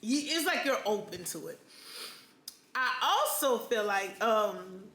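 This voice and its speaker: An American woman hosting a casual mukbang chat, telling stories in an animated, excitable way with plenty of slang. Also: medium pitch, slow pace, echoey room. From United States. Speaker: mukbang vlog host.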